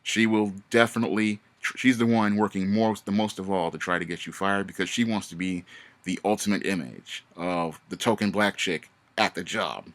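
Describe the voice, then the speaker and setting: A man's voice: sits low, moderate pace. A man in a casual vlog monologue, giving emphatic, repetitive warnings with frequent restarts. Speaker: vlogger.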